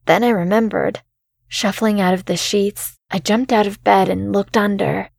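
A woman reading a first-person horror story in a calm, measured way as the show's narrator. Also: mid-range voice, creaky, no echo, studio quality.

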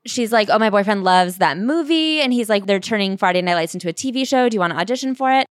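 A woman's voice: medium pitch, lively intonation, fast, no echo, clean studio sound. A young adult woman co-hosting a podcast, chatting casually and dropping sarcastic asides. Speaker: podcast co-host. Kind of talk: casual chat.

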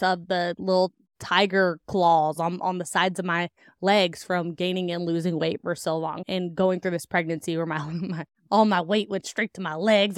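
A young podcast host with a voice on the low side chats candidly to listeners about her personal life, using lots of "like" and laughing often. Clean studio sound, recorded dry.

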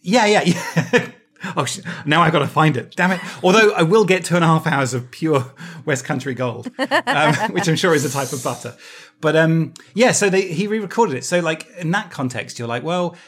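A man's voice: fairly high pitch, moderate pace. Chatty male podcast host telling a story. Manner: animated storyteller who laughs easily and restarts his phrases. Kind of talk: casual podcast chat.

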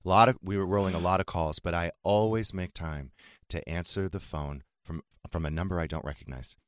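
Fast-talking low-voiced male podcast host. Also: steady tone, smooth, no echo. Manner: dry, quick, teasing delivery. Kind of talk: casual chat and comic storytelling.

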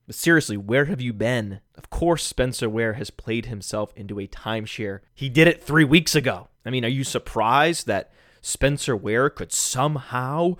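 A man's voice: medium pitch, moderate pace, no room sound. Sarcastic man ranting into a dry mic. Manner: mock-calm, bursting into shouts. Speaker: fantasy football podcast host. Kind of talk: sarcastic solo podcast rant. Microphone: studio microphone.

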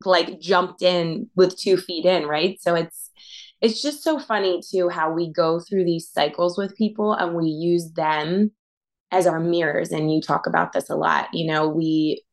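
A woman's voice: fairly low pitch, unhurried. A woman guest on a podcast, in casual chat, reflecting aloud and asking questions as she thinks things through.

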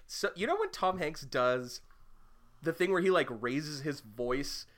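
A man's voice: on the high side, expressive, unhurried, fairly bright tone. A young man co-hosting a podcast, chatting casually with rambling enthusiasm and casual swearing. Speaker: podcast co-host. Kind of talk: casual chat.

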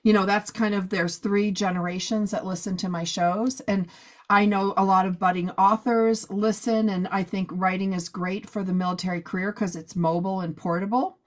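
A woman hosting a podcast, chatting casually and a bit hoarse after a long day of recording. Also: mid-range voice, fairly even intonation, normal speed. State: hoarse, losing her voice. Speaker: podcast host. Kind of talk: casual chat.

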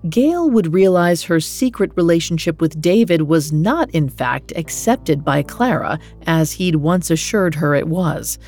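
A woman reading a scripted true-crime podcast narration in a measured, even delivery. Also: fairly low pitch.

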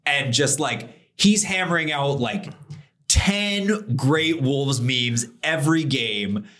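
A man co-hosting a podcast in casual chat, laid-back and measured. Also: medium pitch, lively intonation, sharp tone. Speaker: podcast co-host.

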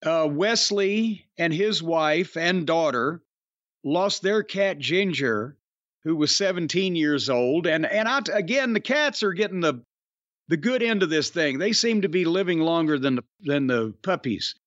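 Lively high-voiced man reading listener tributes. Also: unhurried, dry recording, dull audio. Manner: wry, offhand, stumbles over names. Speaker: podcast co-host. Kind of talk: casual podcast chat, reading listener tributes.

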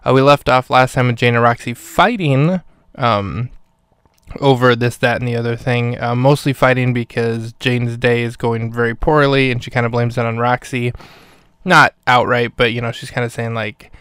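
A man's voice: medium pitch, fairly even intonation, moderate pace, fairly bright tone, clean tone, dry recording. A man hosting a podcast, giving a casual spoken film review full of fillers and self-corrections, close to the microphone.

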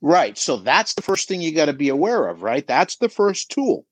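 A middle-aged man coaching on a podcast, emphatic and animated, asking rhetorical questions as he talks. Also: fairly high pitch, moderate pace, breathy edge, no room sound. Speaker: auto shop business coach guest. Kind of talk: podcast conversation.

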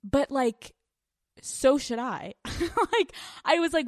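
Excitable, foul-mouthed woman podcast host. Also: sits high, takes it slowly, pauses often, no room sound, clean studio sound. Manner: excitable and profane, swings from loud outbursts to mutters. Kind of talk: casual chat.

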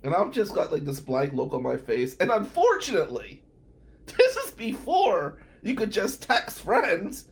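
Male host, 40s, sarcastic comic storyteller, very lively delivery. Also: high voice, a little slow. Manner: sarcastic, animated. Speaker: podcast host. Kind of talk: comedic storytelling.

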